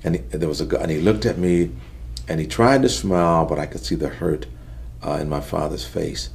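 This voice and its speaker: A middle-aged man with a deep, gravelly voice tells his life story in an interview. He talks in an earnest, halting way and sinks quieter when the memories weigh on him. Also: a little hiss or hum. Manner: earnest, halting storytelling that drops soft at heavy moments. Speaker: interview guest. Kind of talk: personal testimony in an interview.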